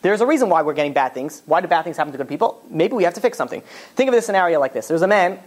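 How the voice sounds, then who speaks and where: A rabbi giving a Torah class, telling stories in an animated, casual way full of fillers. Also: male voice, a little high, racing. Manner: animated storytelling, casual filler-heavy talk. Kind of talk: Torah class lecture with storytelling.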